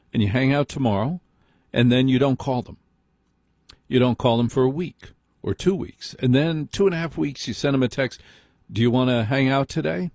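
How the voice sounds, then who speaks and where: Husky-voiced male radio host. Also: medium pitch, a little mellow, dry recording, studio quality. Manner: opinionated, conversational, explains with mock dialogue. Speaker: radio talk show host. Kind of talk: talk radio monologue.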